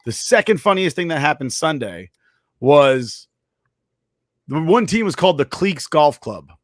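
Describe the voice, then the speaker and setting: Animated storytelling man with a dry sound. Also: on the high side, unhurried, no room sound. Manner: animated storyteller, swears freely. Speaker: podcast co-host. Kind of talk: casual sports chat.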